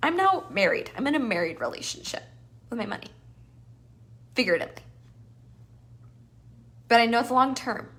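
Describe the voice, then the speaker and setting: Bright animated woman coach teaching. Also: on the high side, fairly quick, pauses often. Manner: animated, playful, acts out inner voices. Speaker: business coach. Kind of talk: live masterclass teaching.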